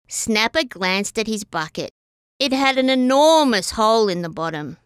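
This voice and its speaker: A woman reading a children's story aloud as a storyteller, expressive and sing-song. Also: on the high side, normal speed, smooth, no echo, studio quality.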